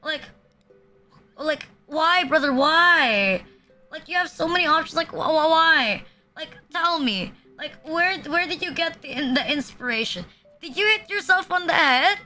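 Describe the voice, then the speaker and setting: A woman's voice: high-pitched, moderate pace, bright, forceful tone, faint music behind. A young woman streaming from home, chatting casually in a crude, rambling way full of fillers, often laughing. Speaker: VTuber streamer. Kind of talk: casual live-stream chat.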